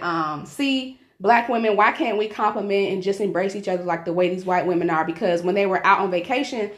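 A woman co-hosting a podcast in casual chat, animated and playful, swearing freely. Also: mid-range voice. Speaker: podcast co-host.

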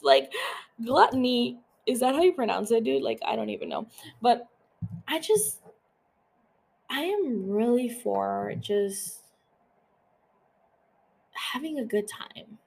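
Fast-talking young woman, profane chatter. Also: fairly high pitch, creaky. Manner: fast, profane, lots of "like" fillers. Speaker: podcast host. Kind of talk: casual chat.

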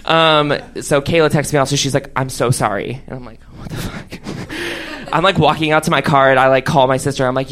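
A young man doing stand-up, telling a long story in a chatty way, full of fillers and animated quoted voices. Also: medium pitch. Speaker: stand-up comedian.

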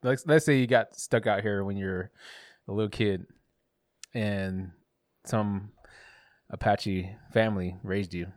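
A man's voice: fairly low pitch, slow, no echo, clean studio sound. A man co-hosting a casual podcast, teasing his friends and pushing a joke again and again. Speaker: podcast co-host. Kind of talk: casual chat.

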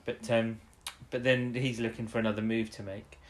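A man's voice: on the low side, level tone, slight background noise. A man co-hosting a podcast in casual chat, rambling through a recap and acting out characters' lines. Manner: rambling recap, acts out lines in quick voices. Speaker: podcast co-host.

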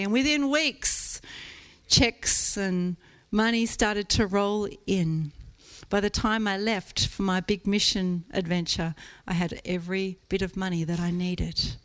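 A woman's voice: medium pitch, steady tone, a little slow. A woman preaching a sermon in a conversational, playful way, often asking rhetorical questions.

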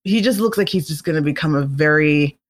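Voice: mid-range voice, brisk. A vlogger in a casual, chatty monologue, opinionated and playful, now and then slipping into comic voices. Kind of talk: casual celebrity gossip monologue.

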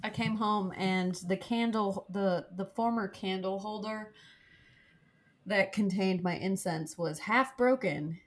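A young woman co-hosting a podcast, chatting casually and rambling from one joke to the next. Her voice sits at a middle pitch for a woman, and she laughs easily. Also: slow pace. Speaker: podcast co-host. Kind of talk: casual chat.

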